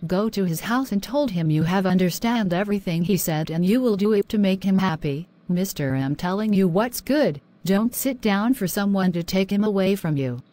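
A woman's voice: mid-range voice, expressive, moderate pace, few pauses, dark tone, close to an everyday voice. A woman voicing a scheming young woman who is secretly evil and posing as a friend, coaxing and persuasive in an amateur animation.

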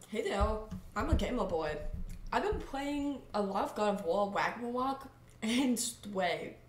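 A woman's voice: mid-range voice, big pitch swings, takes it slowly, pauses often. A young woman in her twenties vlogging in a playful, giggly way and reading chatbot replies aloud. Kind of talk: casual comedic commentary. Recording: echoey room with noise and keyboard typing.

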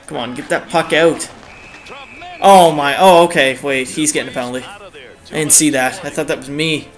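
A young man giving excitable live commentary on his own video game match, groaning and cheering at each play, his throat a bit dry. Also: fairly high pitch, normal speed. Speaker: gaming channel host.

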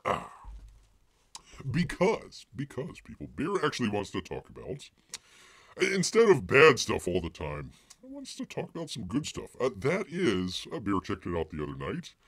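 A man's voice: lowish voice, huge pitch swings, normal speed, creaky, a bit bright, slightly rough, no room sound. A man hosting a live stream and reviewing comics, rambling with many fillers and speaking of himself in the third person. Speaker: livestream host reviewing comics. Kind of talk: casual live-stream chat.

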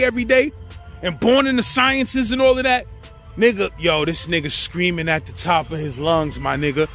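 A man with a New York accent telling prison stories in a casual, animated, slangy way. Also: very high-pitched, moderate pace, soft background music. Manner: animated, slangy, acts out the people in his story. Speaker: storyteller host.

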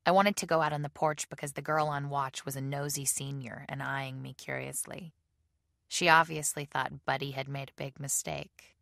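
A woman narrating a novel in a measured audiobook reading. Her voice is low and gravelly. The recording is dry, with no room sound. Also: steady tone, a bit bright, no room sound. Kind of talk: scripted narration.

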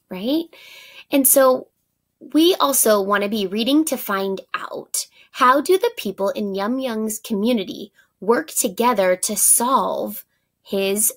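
A woman teacher reading a children's book aloud for students, encouraging them and asking them questions. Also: medium pitch. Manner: encouraging, asks questions to young listeners.

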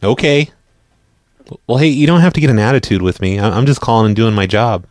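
A man hosting a live radio show and making prank phone calls, speaking deadpan and often stumbling over his words. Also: mid-range voice, fairly quick, no room sound, studio quality. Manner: deadpan, stammers and repeats words. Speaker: prank-call radio host.

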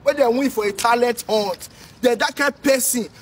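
This social commentator from Edo State, Nigeria, rants loudly in a high voice at a moderate pace, speaking Nigerian Pidgin English. His shouting has a sing-song, scolding lilt, and the distant mic carries faint noise.

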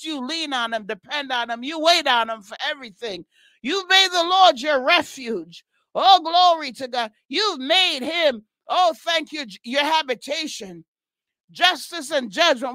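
Fervent high-voiced woman leading prayer. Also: bright, forceful tone, dry recording. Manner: impassioned, repeating praise cries, bursts into tongues. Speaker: prayer leader. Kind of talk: fervent spoken prayer and exhortation.

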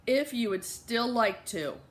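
A woman reading as a soft-spoken shy old man. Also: fairly high pitch, lively intonation, unhurried. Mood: timid. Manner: very soft, hesitant, faint. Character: quiet, shy older man, landlord.

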